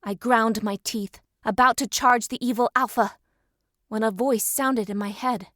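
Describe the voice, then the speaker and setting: A woman reading a first-person audiobook in steady storytelling narration. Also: on the high side, unhurried, no room sound, clean studio sound.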